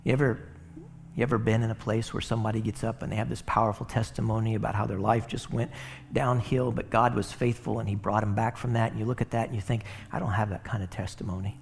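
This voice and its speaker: A man's voice: fairly low pitch, flat delivery, fast, gravelly, slight background noise. Conversational male preacher. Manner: conversational preaching with rhetorical asides. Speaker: pastor. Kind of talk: sermon.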